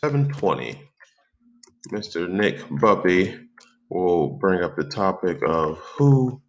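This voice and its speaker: A man narrates a software tutorial in a deep, low voice, walking through each step as he types. His pace is slow and easy, with plenty of pauses between phrases. The delivery stays relaxed and conversational, like someone showing a friend on screen. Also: dull audio. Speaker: tutorial host.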